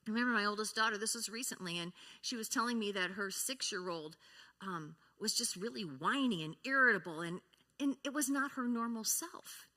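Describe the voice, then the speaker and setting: A woman's voice: medium pitch, lively intonation, a little fast. A middle-aged woman giving a conversational sermon in a church, telling stories and leading the congregation in repeating a phrase. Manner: warm storytelling, leads the congregation in repeating a phrase. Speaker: church speaker. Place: church sanctuary. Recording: reverberant church hall.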